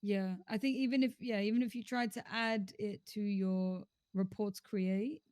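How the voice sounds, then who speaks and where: A woman playing a police high command officer in casual role-play chat, hesitant with many fillers and restarts. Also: steady tone, measured pace, a little mellow, no echo, clean studio sound.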